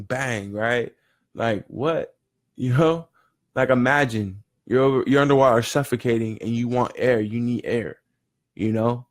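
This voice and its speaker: Guy hyping up a group session, rambly, lots of "you know", mid-pitched. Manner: rambling storytelling, with frequent restarts and "you know". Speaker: session leader in a year-long daily challenge. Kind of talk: motivational talk.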